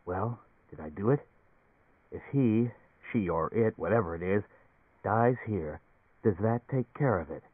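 A man reading the part of a troubled man stranded in a lifeless simulated world, talking roughly and brooding. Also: on the low side, lively intonation, a little slow, pauses often, dry recording. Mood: puzzled. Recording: dry, phone-like narrow sound.

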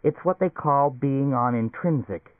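A man's voice: medium pitch, unhurried, no echo, voice pushed up, natural voice. Precocious, unflappable girl, man reader, storybook, phone-thin audio. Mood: calm. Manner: calm, matter-of-fact. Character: calm, precocious young girl. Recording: tinny phone-like recording.

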